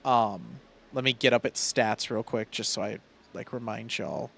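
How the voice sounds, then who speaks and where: A man's voice: lowish voice, lively intonation, moderate pace, creaky, a bit bright, husky. A man narrating a tabletop game as game master, casual and full of fillers.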